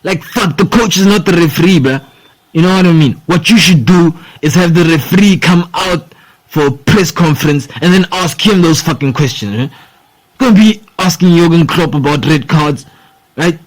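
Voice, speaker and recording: A man's voice: a little high, moderate pace, rough recording. A young man hosting a sports podcast, rambling in casual talk, swearing freely and saying "bro" and "dude" a lot. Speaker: podcast host.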